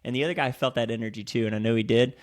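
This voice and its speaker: A man's voice: medium pitch, fairly even intonation, very fast. A young man co-hosting a podcast, telling stories in casual chat, swearing freely and acting out what people said. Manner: storytelling with lots of swearing and acted-out quotes. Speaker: podcast co-host.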